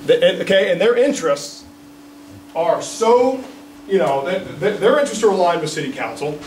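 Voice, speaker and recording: A man, a political candidate, gives an indignant, animated speech at a press conference and keeps checking in with the crowd. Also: high-pitched, normal speed. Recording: roomy, distant mic, faint background noise.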